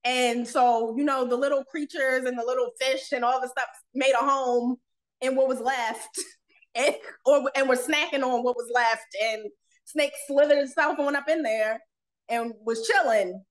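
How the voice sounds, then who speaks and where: High-voiced woman telling animated stories. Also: normal speed, low-quality recording. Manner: animated, laughs often, acts out dialogue. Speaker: autopsy technician guest. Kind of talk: casual storytelling in a podcast interview.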